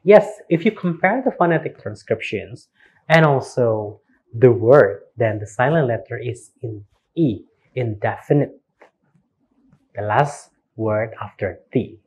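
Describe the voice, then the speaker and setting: An Indonesian man lecturing to camera, spelling out each word and repeating it with rhetorical questions. His voice is slightly husky and he speaks slowly, with a lively, swinging pitch. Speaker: university lecturer. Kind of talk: recorded online lecture.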